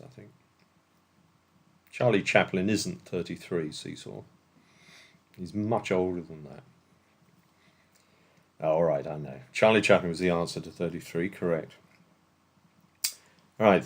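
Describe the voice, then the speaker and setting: An English man hosting an online quiz night over a video call, reading questions and bantering playfully with players. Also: sits low. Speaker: quizmaster.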